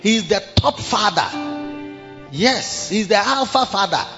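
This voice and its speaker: A man with a high voice preaches emphatically in a church service. His words ring with a long reverb, and the recording sounds a little dull, with faint music behind him. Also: lively intonation, slow, gravelly, bright, forceful tone. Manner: emphatic, rhetorical questions to congregation. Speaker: pastor. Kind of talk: sermon.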